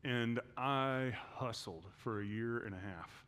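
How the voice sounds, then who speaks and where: A male pastor preaching in a church, telling a personal story and moving from hushed, quiet passages to loud, intense ones. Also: mid-range voice, takes it slowly, clean tone. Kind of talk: sermon.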